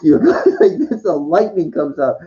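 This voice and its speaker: A man's voice: on the high side, lively intonation, normal speed, warm tone. A man rambling in a casual monologue, swearing, stammering and restarting his sentences, on a dull lo-fi recording. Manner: profane, stammering, full of restarts.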